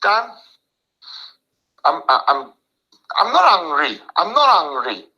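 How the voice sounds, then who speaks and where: A man's voice: high voice, very animated, slow, bright, forceful tone, dull audio, pitched above the performer's own voice, exaggerated voice. A man voicing a mock-disappointed man who scolds listeners in an exaggerated stern way, with a wandering put-on accent.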